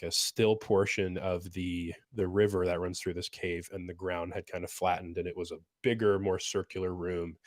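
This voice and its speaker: A man with a hoarse, sick voice from a cold, game master recapping a tabletop session in an easygoing way with lots of ums. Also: deep voice, dry recording, studio quality. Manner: easygoing, many filler ums.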